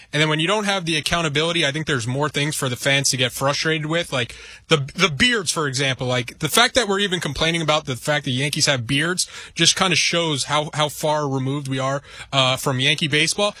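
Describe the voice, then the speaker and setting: A man's voice: on the high side, bright, forceful tone, no echo. A man hosting a sports talk show, opinionated as he leads the discussion. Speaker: podcast host.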